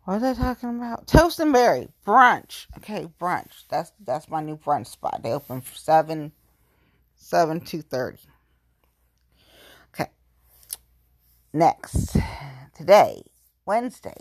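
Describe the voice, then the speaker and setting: A tipsy woman in her late thirties chats into the camera, rambling from one thing to the next and repeating her favorite lines. Her voice sits low but swoops widely when she gushes. The delivery is loose and casual. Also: very animated, a little slow, dry recording. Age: late 30s. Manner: rambling, repeats herself, gushing. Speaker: vlogger. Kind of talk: casual chat.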